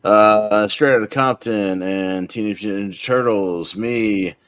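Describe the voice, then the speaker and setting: A man's voice: lowish voice, measured pace, fairly bright tone, clear, resonant tone. A man hosting a casual podcast movie bracket, easygoing and laughing often as he calls on each panelist. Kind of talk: casual group chat.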